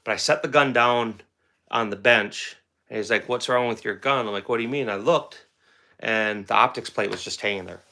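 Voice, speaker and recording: Middle-aged male host, bright tone, rambling casual storyteller who repeats himself. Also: lowish voice, moderate pace. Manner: rambling, repeats words, conversational. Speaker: firearms channel host.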